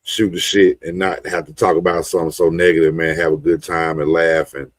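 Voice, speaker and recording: A man's voice: low-pitched, little pitch movement, a little fast, no echo. A man hosting a podcast, wrapping up an interview in an easygoing, stumbling way. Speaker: podcast host. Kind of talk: casual podcast wrap-up.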